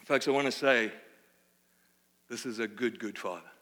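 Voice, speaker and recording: A man from Australia with an Australian accent, preaching a sermon in a lively, conversational way with playful asides. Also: mid-range voice, normal speed. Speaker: pastor. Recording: long hall reverb.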